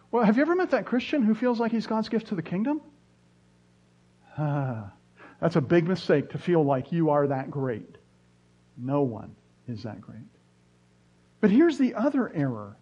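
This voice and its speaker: A man preaching a sermon as pastor, earnest, often dropping into soft, quiet phrases. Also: fairly high pitch, highs cut off. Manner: earnest, preaching with dramatic drops to soft tones.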